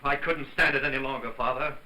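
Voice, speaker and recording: A proud, wounded young tutor. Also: male voice, mid-range voice, fairly even intonation, fast talker, sharp tone, poor audio. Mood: indignant. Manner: earnest, heated then contrite. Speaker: film actor. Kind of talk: 1930s film acting. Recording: 1930s film soundtrack with music.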